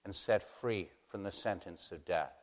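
A man preaching a sermon, moving between hushed, slow passages and loud, impassioned warnings. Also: sits low. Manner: dramatic, swings from hushed to impassioned. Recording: long hall reverb.

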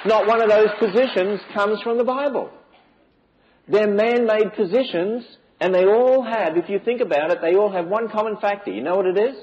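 A man's voice: sits high, animated, fairly quick, dull audio. A man giving an emphatic preaching lecture to a church audience, with many rhetorical questions. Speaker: speaker on biblical creation.

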